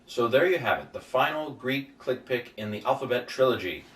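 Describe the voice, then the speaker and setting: A man tutoring in an informal recorded lesson, folksy, with playful asides, sounding syllables out slowly. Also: medium pitch, animated, a bit bright, husky. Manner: folksy, explains with playful asides and repeated examples. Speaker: Greek tutor.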